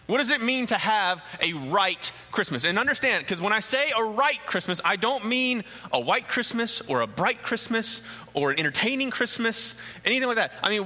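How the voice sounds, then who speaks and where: A man's voice: high-pitched, in a large hall, poor audio. A man preaching a sermon to his church in a conversational way, asking rhetorical questions and restarting words as he goes. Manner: stammering restarts, animated emphasis. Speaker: pastor.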